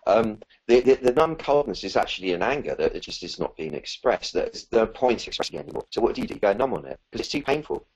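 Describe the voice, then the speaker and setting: A man's voice: lowish voice, lively intonation, fast, few pauses, darkish tone, husky, poor audio. A man answering questions as a spiritual teacher in a live talk, earnest and rambling, with many fillers and restarts.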